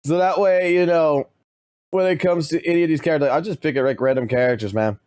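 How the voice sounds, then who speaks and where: A man's voice: on the high side, fast talker, darkish tone, no echo. A man streaming live, talking casually and swearing constantly as he rants to his chat. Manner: profane and blunt, swears constantly.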